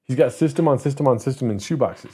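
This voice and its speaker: A man's voice: mid-range voice, fast talker, mellow, breathy edge. A man in his thirties, a streamer host, telling a story to his live chat in a rambling, profane way. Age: 30s. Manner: rambling, profane, self-interrupting.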